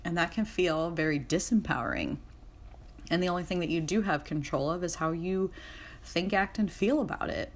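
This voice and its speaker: A woman's voice: on the low side, moderate pace. A young woman hosting her own podcast, talking candidly and casually, swearing freely and laughing at herself, with a slight cough. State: has a cough. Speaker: podcast host. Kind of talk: casual solo podcast talk.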